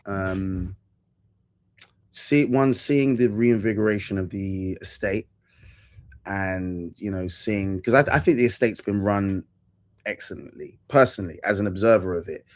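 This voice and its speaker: An enthusiastic man chatting casually on a review panel. His delivery is animated and talkative, full of quick restarts as he builds his points. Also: lowish voice. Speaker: panelist on a film review show. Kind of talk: casual chat.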